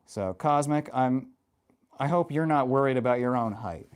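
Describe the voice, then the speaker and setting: A man's voice: medium pitch, normal speed, clean tone. Rambling, profane male streamer. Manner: rambling and profane, with frequent fillers; animated and passionate when ranting. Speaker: live streamer. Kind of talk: casual live-stream chat answering viewers.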